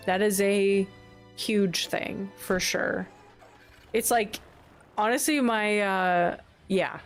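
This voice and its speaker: A young woman hosts a casual livestream, chatting with her viewers. She gushes and giggles, and she talks slowly. Soft music plays quietly behind her. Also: medium pitch. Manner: animated, gushing, giggly. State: sniffly, eyes watering. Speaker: livestream host. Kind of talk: casual chat with live chat. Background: soft background music.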